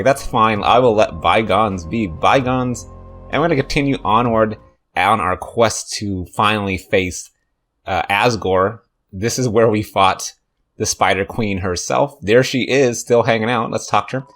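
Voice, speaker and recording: Low-voiced man joking over gameplay. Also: moderate pace, a bit bright, soft background music. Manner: jokey, sarcastic running commentary. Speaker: let's play host. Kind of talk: casual game commentary.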